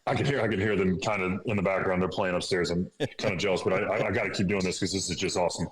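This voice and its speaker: A man in his thirties races through a personal story as a podcast guest, low-pitched and steady in tone, earnest throughout and whispering the thoughts he recalls. Faint noise and echo come from the room.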